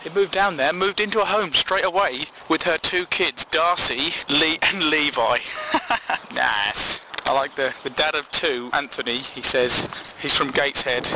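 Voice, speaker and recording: A man's voice: on the high side, unhurried, noisy background. Sarcastic man riffing on news. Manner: sarcastic, incredulous, swearing asides. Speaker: comedy podcast host.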